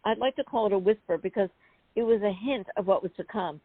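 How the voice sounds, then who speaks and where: A woman guest on an interview show, telling a personal story in a chatty, animated way with many asides. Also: medium pitch, fast, breathy edge, no echo. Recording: phone-like dry call audio.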